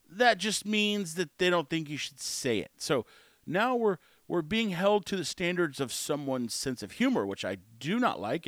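Blunt, sarcastic man, opinion monologue, fairly high voice, dry close sound. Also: a bit bright, no room sound.

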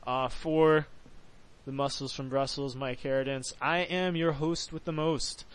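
A man's voice: medium pitch, steady tone, low-quality recording. A man hosting a podcast, chatting casually and joking, then signing off with contact details. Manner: upbeat, joking, drawn-out sign-off. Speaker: podcast host.

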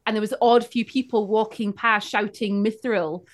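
A woman co-hosting a podcast, telling a story in an animated, casual way and acting out the people she quotes. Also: mid-range voice, brisk. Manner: animated, acts out quoted characters. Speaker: podcast co-host.

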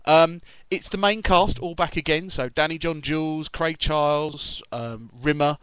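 A man's voice: on the high side, steady tone, measured pace, fairly bright tone, smooth, dry recording, poor audio. Chatty British-TV-talking podcast man, dry mic. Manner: chatty, rambling, self-correcting. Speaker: podcast co-host. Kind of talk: casual chat.

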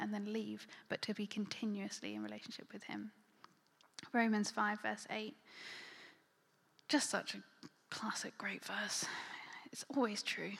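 A woman preaches a sermon in a casual, conversational manner, often dropping almost to a whisper. Her voice has a gravelly edge. It carries a long reverb from a large church hall. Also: mid-range voice, measured pace. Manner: conversational, filler-heavy, often drops to a near-whisper.

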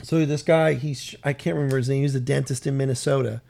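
A man's voice: mid-range voice, fairly even intonation, fast, gravelly, mellow. A man co-hosting a casual chat, telling stories and often searching for words. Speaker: podcast co-host.

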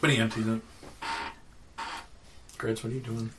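A man's voice: lowish voice, flat delivery, moderate pace, background noise. A man narrating as game master, loose and hesitant, full of filler words.

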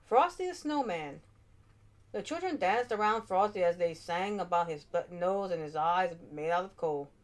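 A woman narrating a children's storybook aloud with expressive, animated delivery. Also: fairly low pitch, moderate pace, hardly any pauses.

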